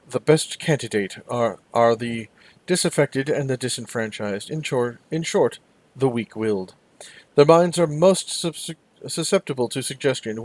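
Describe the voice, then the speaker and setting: A man voicing a flamboyant, condescending male elf in a video game, in a high, theatrical, sing-song voice. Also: no echo, lightly acted.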